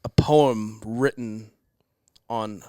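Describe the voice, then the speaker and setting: A man's voice: lowish voice, drawn-out words, mellow, clear, resonant tone, no room sound, studio quality. A man hosting a podcast, chatting casually and playfully, reading out a teasing definition. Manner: playful, reads aloud with a teasing tone. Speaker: podcast host. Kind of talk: casual chat.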